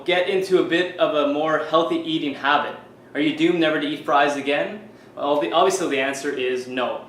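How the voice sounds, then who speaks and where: A Canadian fitness coach demonstrates a recipe in his home kitchen, chatting loosely to camera with lots of fillers like "you know." His voice is slightly high, and the rough recording carries room echo and a bit of background noise.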